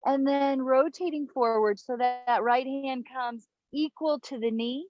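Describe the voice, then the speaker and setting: A woman teaching a yoga breathing class outdoors, giving slow, soothing cues with long pauses, recorded on a camera mic. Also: high voice, dry recording, dull audio. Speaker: yoga instructor. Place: outdoors in the mountains. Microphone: camera mic, looking up at camera.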